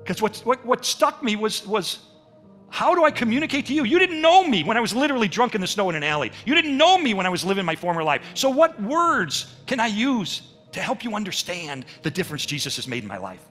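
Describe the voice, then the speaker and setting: An older man telling his faith story as a sermon at a church, with animated storytelling and acted-out quotes. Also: high-pitched, brisk, soft background music. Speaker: speaker at a church. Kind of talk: testimony sermon.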